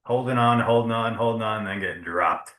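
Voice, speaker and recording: A man's voice: fairly low pitch, brisk, bright, forceful tone. A man coaching a trader through his decisions, reassuring and asking leading questions. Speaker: trading coach. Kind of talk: casual trading chat. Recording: roomy echo.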